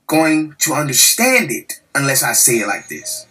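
A man's voice: mid-range voice, huge pitch swings, normal speed, bright, forceful tone, faint music behind, low-quality recording. An angry man delivering a heated, profane podcast monologue, repeating himself as he rants. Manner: heated, profane, repetitive ranting.

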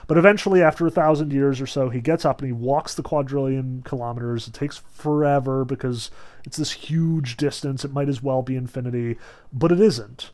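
A man casually lecturing on a novel, explaining its scenes in a relaxed way with many fillers. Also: medium pitch, fairly quick. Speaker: literature lecturer.

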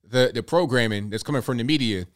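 A man's voice: mid-range voice, fast talker. A young man hosting a reaction commentary, talking bluntly and repeating himself in a conversational way. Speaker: commentary host.

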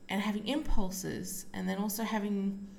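A woman hosting a casual solo podcast, talking while lying down at home, relaxed and rambling with many fillers. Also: medium pitch, moderate pace, vocal fry, slight background noise. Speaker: podcast host and psychic medium.

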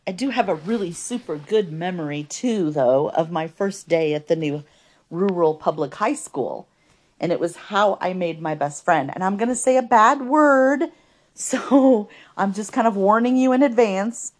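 A woman's voice: medium pitch, animated, unhurried. A woman telling her life story in a podcast, earnest and conversational, with many fillers.

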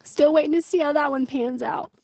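A woman's voice: high-pitched, fairly even intonation, fairly quick, warm tone, poor audio. A young woman venting her frustration in a personal video diary, emotional and full of fillers. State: pregnant. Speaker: vlogger.

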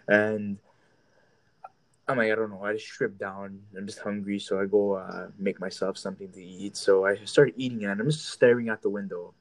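A man's voice: lowish voice, fairly even intonation, normal speed. A young man hosting his own show, telling rambling, profane stories in a casual chat. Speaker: podcast host.

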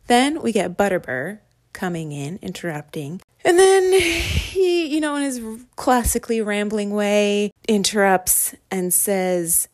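An American woman talks through a book chapter on her podcast in a loose, chatty way. She is animated and full of quick asides. Her voice sits at a middling pitch for a woman. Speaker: podcast host. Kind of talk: casual solo book discussion.

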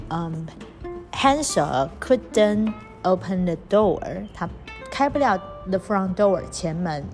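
Female English teacher, unhurried storybook reading lesson, spells key words, faint music behind. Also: mid-range voice. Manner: reads English lines slowly, spells words letter by letter.

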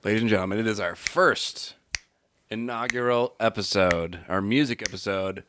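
Low-voiced deadpan man co-host. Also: moderate pace, noisy background. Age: 30s. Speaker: podcast co-host. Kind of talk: comedic podcast banter.

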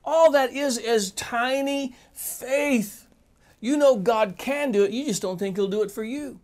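A man's voice: very high voice, unhurried, darkish tone. Emphatic male preacher. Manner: emphatic, addresses listeners directly with rhetorical questions. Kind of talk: sermon.

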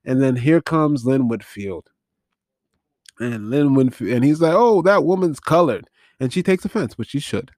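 Male podcast host, mid-pitched, close dry sound, rambling and incredulous, casual recap. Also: expressive, moderate pace, warm tone, no room sound. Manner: rambling, incredulous, self-correcting. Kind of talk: casual film-recap commentary.

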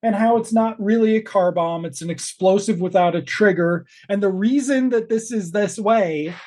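A woman's voice: medium pitch, moderate pace, a little mellow. A woman co-hosting a podcast, recapping an episode in casual, joking chat. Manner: chatty, joking, acts out characters' lines. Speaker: podcast co-host.

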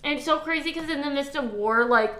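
A woman's voice: high-pitched, quick pace, bright, forceful tone, echoey room, slight background noise. A woman co-hosting a casual book podcast, gushing and emotional, swearing freely and filling her talk with "like". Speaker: podcast co-host. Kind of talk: casual chat.

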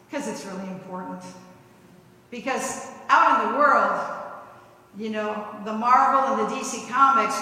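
A woman's voice: fairly high pitch, sharp tone. A middle-aged woman pastor preaching a conversational, vivid sermon full of rhetorical questions, recorded in a church sanctuary. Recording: echoey church hall.

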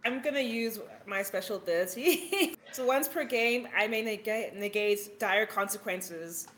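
A woman's voice: medium pitch, normal speed, a bit bright, a little hiss or hum. A woman player in a casual tabletop role-play game who laughs between her words.

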